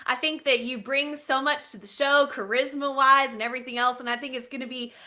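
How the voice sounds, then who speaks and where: A woman co-hosting a casual sports talk show, bubbly and quick to laugh. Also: high-pitched, steady tone, bright, forceful tone. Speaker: co-host.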